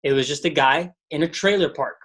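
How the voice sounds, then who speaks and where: A man's voice: a little high, brisk, fairly bright tone. A man leading a motivational sales training call, telling stories and repeating mantras with energy.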